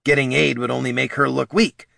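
A man voicing a calm, blunt companion. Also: mid-range voice, a little fast, gravelly, no room sound, clean studio sound, pitched above the performer's own voice, heavily acted. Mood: matter-of-fact.

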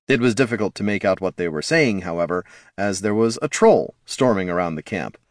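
A man narrating a fantasy audiobook in a lively, expressive reading style. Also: sits low, fairly quick, dry recording, studio quality.

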